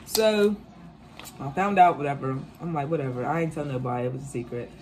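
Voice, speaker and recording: A woman in her twenties telling a casual storytime, animated and profane, acting out quotes. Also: low voice, fairly quick. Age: 20s. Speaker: vlogger.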